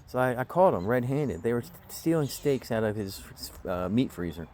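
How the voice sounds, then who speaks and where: A man's voice: mid-range voice, expressive, brisk, few pauses, a little mellow, slight background noise. A man telling a long, aggrieved story to the camera in a blunt way, swearing often, recorded outdoors. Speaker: vlogger. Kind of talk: casual storytelling rant. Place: outdoors in the woods.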